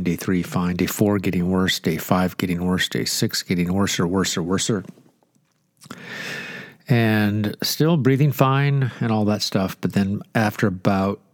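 An older man delivers a conversational radio sermon in a low, nasal voice, stuffy from inflamed sinuses. He is chatty and jokes in asides. The sound is dry and close, with no room around it. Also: no room sound. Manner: chatty, joking asides, lively emphasis. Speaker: radio Bible teacher.

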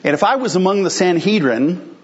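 A man's voice: sits high, animated, a little fast, muffled recording. A male pastor preaching a sermon in a conversational, explanatory way, asking rhetorical questions and answering them.

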